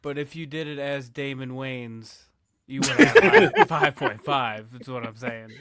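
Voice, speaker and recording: A man's voice: medium pitch, sing-song, unhurried, sharp tone. A man co-hosting a podcast, joking in casual chat.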